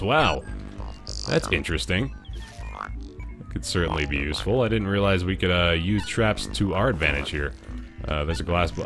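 A man hosts a let's-play video, commenting as he plays over music in a low voice at a moderate pace with long pauses. Excitable, he drops from quiet muttering into sudden loud yelps and laughter.

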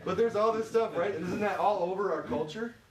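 A man from Michigan preaching an informal sermon as pastor, chatty and full of "you know"s, pausing to ask the congregation questions. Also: high voice, crowd noise. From Michigan, USA. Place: church sanctuary. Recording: echoey church, voice from far off.

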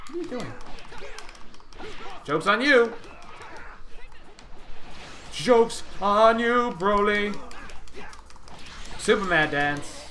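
A young man hosting a gaming channel, giving excitable live commentary on his gameplay and yelling taunts at the enemies. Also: high voice, very slow, long pauses, slight background noise.

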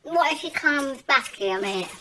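A woman voicing a sulky, spoiled grown-up female doll that whines and complains in a high, childlike squeak. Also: lively intonation, normal speed. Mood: grumbling. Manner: whiny and complaining. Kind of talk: toy doll role-play. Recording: loud noisy outdoor recording.

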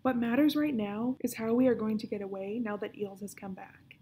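A sharp-witted young girl in a storybook, whispering high and indignant and quick to protest, as a woman reads her. The tone is dark and gravelly. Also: fairly even intonation, a little hiss or hum, close to an everyday voice. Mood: urgent whisper.

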